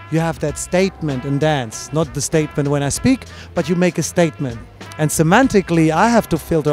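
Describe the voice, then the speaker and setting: This breakdancing judge speaks in a slightly high voice with a darkish tone. Interviewed at a dance event, he gives a long explanation of his judging, full of fillers and false starts.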